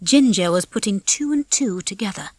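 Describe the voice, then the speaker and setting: A woman's voice: medium pitch, lively intonation, moderate pace, background noise. Woman reading a children's story aloud. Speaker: audiobook reader. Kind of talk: scripted narration.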